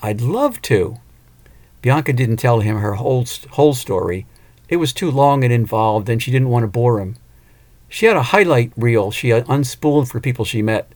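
A man narrating an audiobook, expressive, with an occasional small restart. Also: mid-range voice, normal speed.

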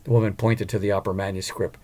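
A man narrating a storybook in a measured, even manner. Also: on the low side. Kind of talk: scripted audiobook narration.

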